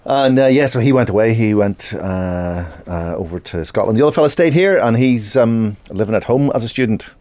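A man, a comedian, chatting as a guest in a radio interview, easygoing and relaxed. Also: fairly low pitch, a little fast, few pauses, no room sound.

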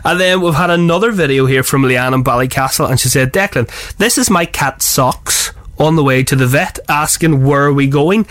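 A man hosting a radio breakfast show, joking, laughing and shouting in lively banter. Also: a little high, moderate pace, few pauses, no echo. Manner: excitable, jokey, shouts and laughs a lot.

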